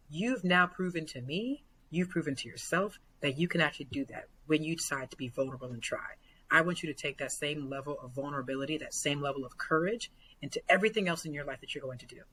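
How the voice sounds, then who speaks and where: A young adult woman, a basketball coach, chatting as a podcast guest in animated storytelling with lots of "like" fillers. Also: sits low, a little hiss or hum, rough recording. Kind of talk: casual podcast conversation.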